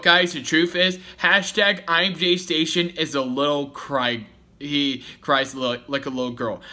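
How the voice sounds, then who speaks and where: A man's voice: mid-range voice, bright, forceful tone. A man giving a rambling, repetitive, confrontational rant to the camera in a vlog. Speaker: YouTuber. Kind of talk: ranting vlog commentary.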